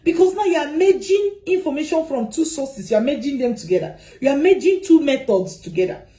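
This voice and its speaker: Animated woman consultant. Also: high-pitched, a little fast, low-quality recording. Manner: animated, repeats points, asks rhetorical questions. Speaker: migration consultant. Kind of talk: advice talk to camera.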